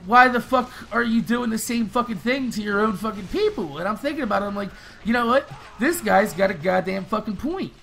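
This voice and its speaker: A young man hosting a gaming video, talking fast and rambling casually with lots of swearing. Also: sits high, gravelly, fairly bright tone, a little hiss or hum. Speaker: gaming channel host. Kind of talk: casual commentary over gameplay.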